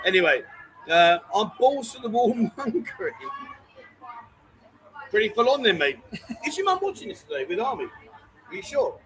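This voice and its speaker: A man's voice: sits high, big pitch swings, normal speed, a bit bright, slight background noise, low-quality recording. A man hosting a casual live stream from a bar, teasing his co-host and reading out viewer comments. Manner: teasing banter, reads viewer comments aloud.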